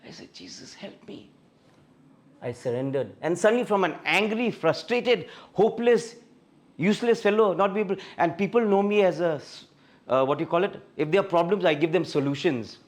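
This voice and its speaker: Indian man telling his testimony, slightly high. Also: brisk. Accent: Indian English. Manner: storytelling, animated when reliving scenes. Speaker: guest speaker sharing a testimony. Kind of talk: personal testimony talk.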